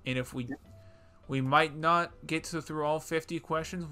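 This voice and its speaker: A young man co-hosting a podcast, making edgy jokes with sarcastic, deadpan asides in casual chat. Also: on the high side, normal speed, clean tone, soft background music. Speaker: podcast co-host.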